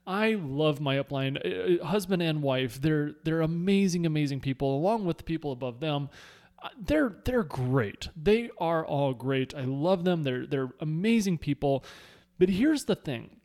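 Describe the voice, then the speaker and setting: A man who leads a sales team, talking through advice in a casual, animated way and often repeating words while he searches for phrasing. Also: fairly high pitch, normal speed. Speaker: network marketing team leader.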